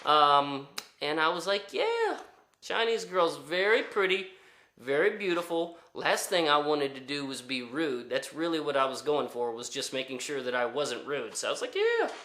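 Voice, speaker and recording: A man's voice: mid-range voice, steady tone, normal speed, few pauses, sharp tone, echoey room. A man telling a story in a casual, rambling way, full of fillers and restarts. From United States. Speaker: storyteller vlogger.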